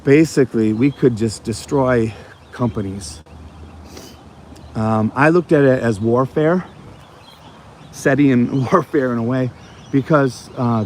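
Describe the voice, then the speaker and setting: A man's voice: mid-range voice, measured pace, long pauses, a little mellow, slight background noise. An American man recovering from a cold, hosting a casual walking vlog and telling stories in a rambling way with many fillers. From United States. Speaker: channel host. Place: outdoor botanical garden on an evening walk.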